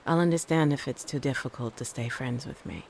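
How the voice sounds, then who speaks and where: A storyteller voicing an offhand male ex-boyfriend in a horror story reading, in a plain, lowish voice with no accent attempted. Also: brisk, gravelly, a little hiss or hum, lightly acted. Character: Australian man, ex-boyfriend, offhand.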